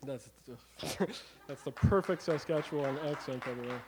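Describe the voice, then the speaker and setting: Excitable man doing a comic talk. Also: on the high side, normal speed, noisy background. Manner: animated, rambling, with frequent fillers and swearing. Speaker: comedic presenter. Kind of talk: live comic talk to an audience.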